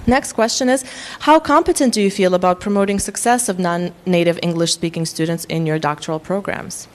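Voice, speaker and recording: A woman with a faint Russian accent presents a workshop to faculty, explaining at a measured pace with frequent ums. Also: lowish voice. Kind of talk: lecture to faculty.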